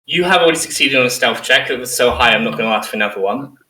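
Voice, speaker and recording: A man running a tabletop game as game master, his voice bright and ringing. He sets scenes and calls for dice rolls with frequent laughs. He sounds a little away from the mic in an echoey room. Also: medium pitch, expressive, very fast, recorded from a distance. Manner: narrates scenes and voices characters, laughs often.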